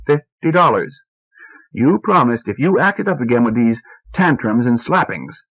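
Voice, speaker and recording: A man's voice: mid-range voice, big pitch swings, measured pace. A man reading a whining sickly husband. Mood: petulant. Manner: whiny and complaining. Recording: muffled old cassette recording.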